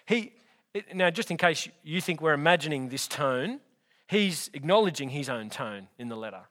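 Emphatic preacher with a raised voice. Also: male voice, fairly high pitch, animated, normal speed, fairly bright tone. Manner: emphatic, conversational, addresses listeners directly. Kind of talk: sermon, expository Bible teaching.

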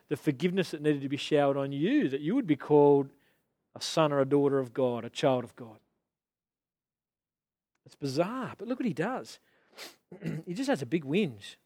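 A man preaching a sermon, animated and swinging into indignant outbursts. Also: on the high side, dry recording. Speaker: pastor.

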